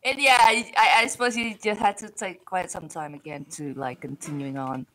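A hoarse woman who just woke up, co-hosting a casual gaming podcast and giggling often. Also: on the low side, moderate pace, rough recording. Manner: giggly, relaxed. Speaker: podcast co-host.

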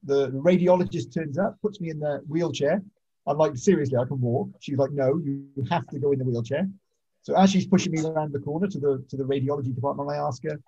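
Over muffled, lo-fi video call audio, a rugby referee who regularly appears on a podcast tells blunt, sweary stories in casual chat. His voice is fairly high, mellow and husky, and he talks fast.

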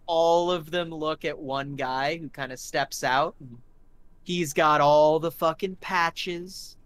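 Gm narrating an rpg, loose and rambly, lots of ums and cussing, middle pitch. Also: steady tone, takes it slowly, a bit bright, smooth. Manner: casual, rambling, full of fillers and swearing. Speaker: game master. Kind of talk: narrating a tabletop game.

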